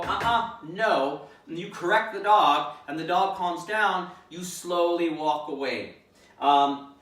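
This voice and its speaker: A man with a slightly high voice explains dog crate training in a calm, steady teaching manner. He often restarts his sentences and adds fillers as he talks. The mic sits far from him in an echoey kennel room. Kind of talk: instructional demonstration.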